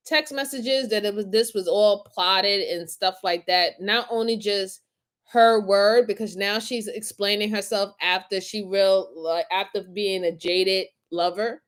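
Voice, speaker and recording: A woman hosting a live stream, reacting to crime footage with animated, indignant commentary and talking to her chat viewers. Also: medium pitch, measured pace. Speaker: host reacting to crime videos.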